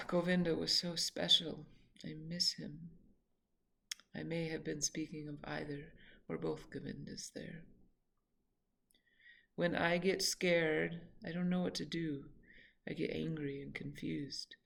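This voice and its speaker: A woman reading her own memoir aloud in a reflective, halting way, sometimes correcting herself mid-sentence. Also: low voice, vocal fry.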